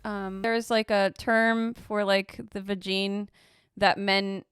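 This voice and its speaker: A woman co-host in casual podcast talk, with a very smooth, clean voice recorded dry and close. She gropes for words, trailing off and restarting. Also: medium pitch, flat delivery, takes it slowly, a bit bright, dry recording. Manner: hesitant, many fillers and restarts. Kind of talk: casual chat.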